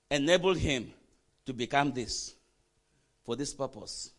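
A man preaching a sermon, quizzing the congregation with questions and swinging from quiet asides to loud emphatic bursts. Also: mid-range voice, unhurried, long pauses. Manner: animated preaching, call-and-response questions to the congregation. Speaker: pastor.

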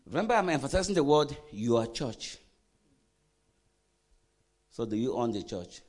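A man preaching a sermon, quizzing the congregation with questions and swinging from quiet asides to loud emphatic bursts. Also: mid-range voice, quick pace. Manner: animated preaching, call-and-response questions to the congregation. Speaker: pastor.

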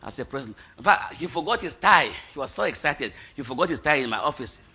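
A middle-aged pastor delivers an animated testimony sermon at a quick pace, his voice husky. He shouts when it peaks and laughs between lines.

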